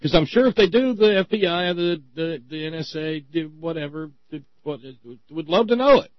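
A male talk radio host rambles, stammers and restarts, his delivery dripping with sarcasm as his pitch jumps up and falls away in a lively way. He speaks at a moderate pace, and the dry recording sounds slightly muffled.

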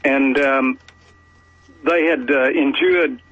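A man with an Australian accent calling a radio show, talking haltingly with many pauses and fillers. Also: medium pitch, fairly even intonation, no room sound. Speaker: caller. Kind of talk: phoned-in radio chat. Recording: lo-fi radio broadcast.

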